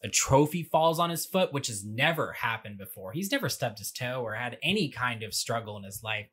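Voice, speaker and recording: A man's voice: medium pitch, expressive, brisk, a bit bright, breathy edge. Sarcastic man recapping a movie. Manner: sarcastic, wry asides. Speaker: movie commentary host. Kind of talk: comedic movie recap narration. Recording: audio glitch.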